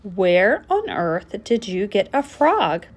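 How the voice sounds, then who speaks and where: A woman doing a slow, curious jovial man. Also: medium pitch, big pitch swings, husky, full character voice. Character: kindly middle-aged male human, curious and jovial. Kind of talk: storybook read-aloud.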